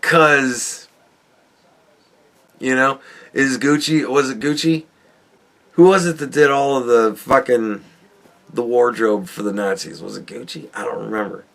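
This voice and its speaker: A man's voice: medium pitch, a little slow, creaky, long pauses, a bit bright. A man hosting a podcast, ranting casually with rambling, profane asides and frequent chuckles. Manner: rambling, swearing, chuckling often. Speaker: podcast host.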